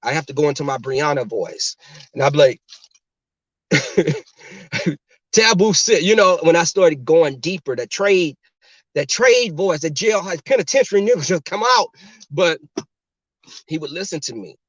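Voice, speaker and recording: A man's voice: a little high, animated, normal speed, no echo, dull audio. A man casually chatting and telling stories to his livestream viewers from a car. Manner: chatty, talks straight to the chat.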